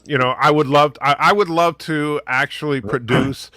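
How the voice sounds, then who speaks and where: A man hosting a casual podcast chat, excitable and rambling, restarting his sentences. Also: a little high, normal speed, no echo, clean studio sound. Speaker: podcast host.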